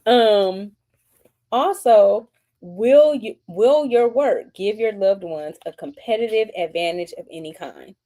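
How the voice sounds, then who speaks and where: A woman's voice: medium pitch, slow, warm tone. A woman hosting a live-stream book discussion, reading passages aloud and chatting upbeat with commenters. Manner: chatty, reads aloud and answers chat comments; upbeat and gushing. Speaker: book club host.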